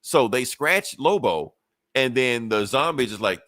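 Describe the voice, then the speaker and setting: A man's voice: medium pitch, lively intonation, a little slow, a bit bright, dry recording, clean studio sound. A man casually recapping a comic book on a podcast, swearing freely and acting out the characters' lines. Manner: loose and profane, acts out characters' lines with laughs. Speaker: podcast co-host reviewing comics.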